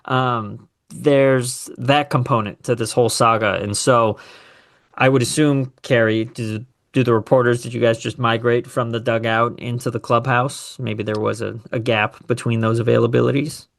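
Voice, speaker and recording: A man hosting a casual sports talk show, animated and opinionated, with sarcastic asides. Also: medium pitch, moderate pace, vocal fry. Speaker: podcast host.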